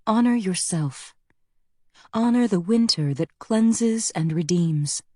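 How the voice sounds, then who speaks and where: A woman reading an audiobook and voicing a female yoga teacher who leads a relaxation in a soft, soothing manner. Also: mid-range voice, dry recording, studio quality, voice pushed up.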